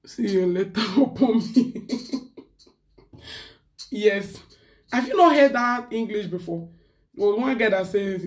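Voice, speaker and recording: A woman's voice: mid-range voice, moderate pace, pauses often, darkish tone, recorded from a distance. Ranting Nigerian woman live-streaming. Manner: talkative, ranting, mixing pidgin into English. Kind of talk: casual live-stream rant.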